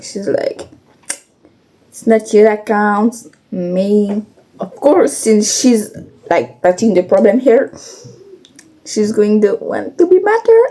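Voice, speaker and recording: Slow, soft-toned young woman confiding. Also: mid-range voice. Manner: halting, frequent restarts and fillers; candid, blunt, occasional swearing. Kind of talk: casual confessional vlog.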